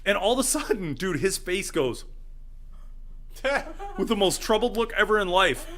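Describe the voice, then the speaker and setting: A man's voice: sits high, sing-song, unhurried, a bit bright. A man in his thirties, a co-host telling a story in casual chat, laughing and acting out the voices of the people in it. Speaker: podcast co-host.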